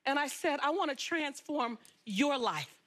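As a talk show guest, an animated Los Angeles woman tells the story of her life in a strikingly high voice. She speaks emphatically but unhurriedly.

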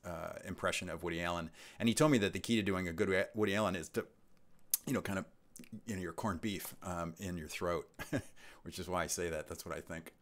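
A deep-voiced, brisk man in his sixties hosts a live stream on his channel. Casual and chatty, he reads viewers' comments aloud and goes off on rambling asides.

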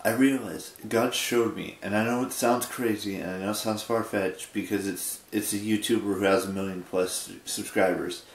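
A man in his twenties talking casually in a late-night vlog, sleepy and rambling, with halting restarts. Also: fairly low pitch, fairly even intonation, roomy sound. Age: 20s. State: sleepy, yawning. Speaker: vlogger.

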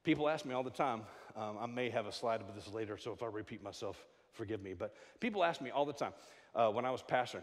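A middle-aged man preaching a sermon in a church, joking and stammering through quick restarts. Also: fairly low pitch. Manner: animated, jokey preaching with frequent stammered restarts. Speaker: pastor. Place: church sanctuary. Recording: long hall reverb.

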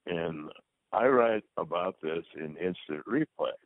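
Speaking a little slowly with lively intonation, this older man, once a football player, rambles through anecdotes as an interview guest and performs the dialogue himself. His low voice comes through a dry, phone-like lo-fi recording with no room sound.

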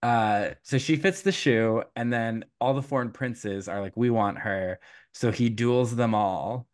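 A young man with a mid-range voice tells an old folktale in casual podcast chat. He keeps it loose and animated, full of fillers, laughs and quick asides. He jumps into little character voices for the people in the tale. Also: mid-range voice. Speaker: podcast host retelling a folktale.

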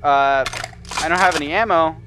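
A man's voice: a little high, normal speed, over music. Jumpy young-sounding man narrating gameplay. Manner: jumpy, nervous, swears mildly, yelps when startled. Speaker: gamer playing a horror game. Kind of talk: let's-play commentary.

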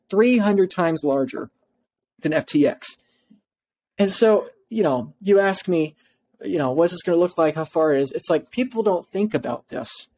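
A man's voice: high voice, darkish tone. Passionate, insistent man on a podcast. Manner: restarts and stumbles in a rush of words. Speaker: podcast guest. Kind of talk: podcast interview talk.

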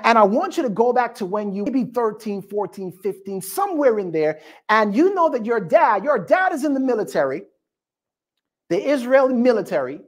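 A male pastor preaching a sermon, telling the story with lively call-and-response to the congregation. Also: high-pitched.

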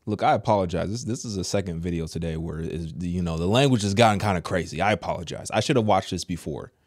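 A man's voice: low-pitched, fast, darkish tone, dry recording, clean studio sound. A man giving casual reaction commentary, bemused and incredulous, with asides and apologies to his viewers. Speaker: reaction video host.

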